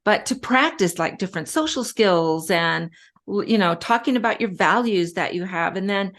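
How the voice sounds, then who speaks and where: A woman's voice: mid-range voice, lively intonation, moderate pace, a bit bright. A middle-aged woman speaking as a guest in a casual interview, chatty and storytelling with frequent fillers. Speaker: guest, respiratory therapist.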